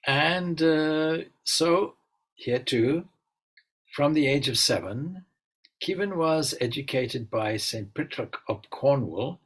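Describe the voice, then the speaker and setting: A man, a swami, giving an informal spiritual talk and telling stories in a relaxed, musing way with frequent asides. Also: mid-range voice, slightly rough, poor audio. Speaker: swami leading a spiritual gathering.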